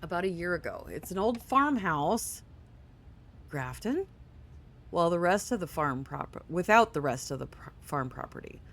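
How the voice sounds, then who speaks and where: A gaming channel host playing a game, reading on-screen tutorial text aloud with quick casual asides, sleepy and yawning. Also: medium pitch, animated, fairly bright tone. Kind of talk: casual let's play commentary.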